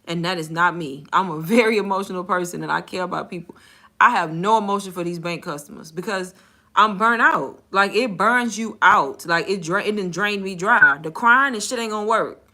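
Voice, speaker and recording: A young woman speaking straight to her audience in a casual storytime vlog. Her voice is bright and forceful, and her delivery is candid, blunt and full of slang. She breaks into laughter often as she talks. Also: medium pitch, moderate pace. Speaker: content creator and bank call center agent.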